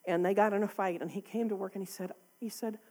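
A woman's voice: medium pitch, fairly even intonation, fast talker, a little mellow. A woman preaching a sermon to a congregation in a church, talking candidly and conversationally, often with a laugh.

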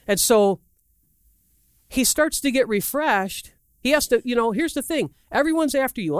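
Preacher, mid-pitched, dry close sound, rambling animated sermon storytelling with acted quotes. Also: moderate pace, clean tone, dry recording. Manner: asks the audience questions directly; loose, rambling delivery with restarts and asides.

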